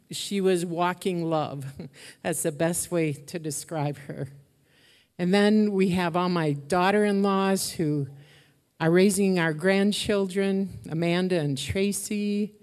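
A woman's voice: on the low side, a little mellow. An older woman giving a church sermon and prayer, speaking emotionally and laughing often. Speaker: pastor. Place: church auditorium. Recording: long hall reverb.

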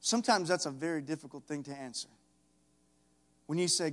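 A man preaching a sermon in a church, swinging from soft conversational asides to loud impassioned calls. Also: brisk, pauses often. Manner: building to loud impassioned calls, then dropping low. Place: church sanctuary. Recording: echoey church hall.

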